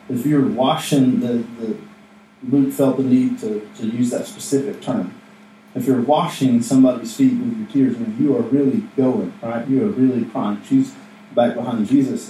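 A man's voice: mid-range voice, mellow, slight background noise. A man preaching a casual, conversational sermon as a pastor, joking with the room and acting out little asides. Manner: conversational, jokey, acts out asides. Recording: echoey room, mic from a distance.

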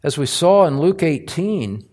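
A man preaching a sermon as pastor, earnest and emphatic, with deliberate phrasing that presses each point home in a church. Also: fairly high pitch, big pitch swings, a little mellow.

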